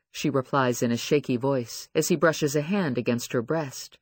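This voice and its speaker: A man narrating an audiobook in a measured, expressive reading. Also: medium pitch, breathy edge, dry recording, studio quality. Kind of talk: scripted narration.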